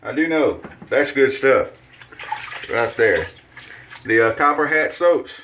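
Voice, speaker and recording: A man's voice: medium pitch, lively intonation, slow, fairly bright tone, slight background noise. A man with a mid-range voice chats in a folksy, rambling way while he shaves, walking through his routine with plenty of "uh"s and restarts. He sounds like he is at a bathroom sink, and the recording is dull and a little lo-fi. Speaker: shaving channel host. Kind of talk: casual how-to chat while shaving.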